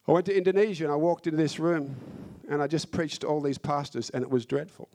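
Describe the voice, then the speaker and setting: A man delivers a sermon in a fairly high voice, fervent and insistent. He hammers points home by repeating phrases and stretching out key words. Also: fairly even intonation, quick pace, a little mellow. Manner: impassioned, repeats phrases for emphasis. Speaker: preacher.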